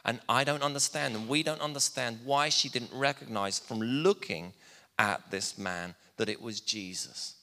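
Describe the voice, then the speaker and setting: Bright-voiced preacher man. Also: medium pitch, moderate pace, big-room sound. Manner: storytelling, plainspoken and conversational. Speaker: pastor. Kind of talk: sermon.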